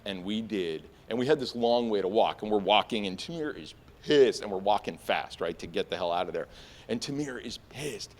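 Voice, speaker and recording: Animated American man telling a story. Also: fairly low pitch, moderate pace. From United States. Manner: animated, self-mocking, many fillers and restarts. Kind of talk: live stage storytelling. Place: on stage before a live audience.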